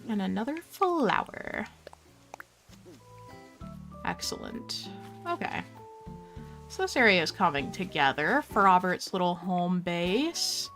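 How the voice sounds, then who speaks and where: A woman's voice: fairly low pitch, big pitch swings, slow, pauses often, fairly bright tone, soft background music. A young woman casually chatting on a game stream, playful and talkative, talking to her cat and viewers.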